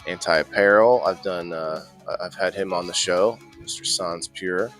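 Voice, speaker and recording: A man's voice: deep voice, unhurried, a bit bright, faint music behind. A man hosting a casual indoor gardening live stream, chatting loosely with plenty of restarts. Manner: rambling, chatty, frequent restarts and laughs. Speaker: host of an indoor growing show.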